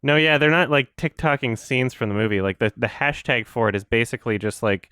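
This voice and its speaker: A young man co-hosting a podcast, chatting casually in a quick, rambling, sarcastic way and laughing often. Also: medium pitch, pushed and bright, clean tone, no room sound, clean studio sound. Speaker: podcast co-host. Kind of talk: casual chat.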